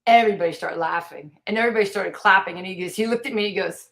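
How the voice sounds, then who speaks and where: A woman's voice: medium pitch, rapid-fire, vocal fry. Middle-aged american woman, martial arts master, tells stories with lots of punch on a podcast. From United States. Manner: lively storyteller, acts out quoted lines. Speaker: guest, taekwondo master. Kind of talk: storytelling in a podcast interview.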